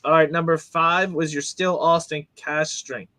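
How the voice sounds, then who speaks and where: A man calls out the rankings from his notes in brisk, matter-of-fact fashion, teasing the host along the way. His voice is bright and somewhat high, and the sound is dry and close. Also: fairly even intonation, dry recording. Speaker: co-host reading results. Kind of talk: casual chat.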